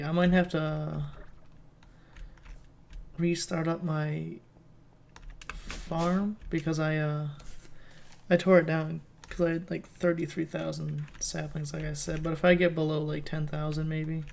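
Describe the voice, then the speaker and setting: A man talks through his game in a loose, rambling let's play commentary, thinking out loud as he goes. His voice sits flat with little rise and fall, and a gravelly fry runs under it. Faint noise hums behind him at the desk mic. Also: on the high side. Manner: rambling, thinking aloud as he plays. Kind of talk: casual gameplay commentary.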